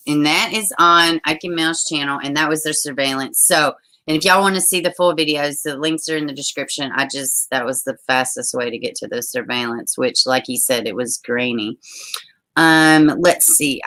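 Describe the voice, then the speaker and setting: A woman's voice: sits low, moderate pace, sharp tone. A woman hosting a casual live stream, chatting and reading out viewer comments, blunt and ready to swear. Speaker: livestream host. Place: home.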